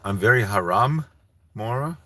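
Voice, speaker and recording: Canadian guy ranting solo, low voice but swings all over, dry close sound. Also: animated, a little slow, bright, forceful tone, no room sound. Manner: heated, ranting, profane, with frequent restarts. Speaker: solo channel host. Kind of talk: rambling solo livestream talk.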